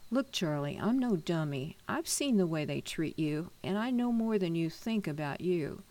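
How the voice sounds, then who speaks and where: A woman reading a storybook, voicing a stern but kind middle-aged man with a gruff, commanding manner. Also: fairly low pitch, expressive, moderate pace, mellow. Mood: scolding.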